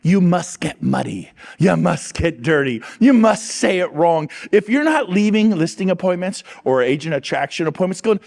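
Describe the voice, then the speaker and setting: A middle-aged man giving an energetic motivational talk on stage, quizzing and teasing his audience. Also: sits high, moderate pace, creaky, hardly any pauses. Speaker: real estate coach on stage.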